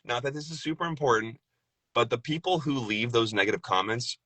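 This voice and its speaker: A man's voice: mid-range voice, a little fast, sharp tone, husky, no room sound. A man, a voice actor, talking casually as a guest, loose and laid-back and laughing often. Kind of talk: casual conversation.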